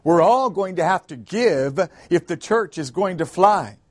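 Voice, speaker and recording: A man acts out a fiery preacher who shouts to his flock in slow, stretched calls. The voice sits high and loud above the storyteller's own. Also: lively intonation, no echo. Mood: serious.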